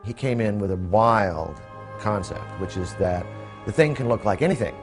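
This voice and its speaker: A man in an interview recalling past decisions in a measured, thoughtful way with some hesitations. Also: on the low side, expressive, music in the background. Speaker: interviewee recalling making a film. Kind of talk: reflective interview.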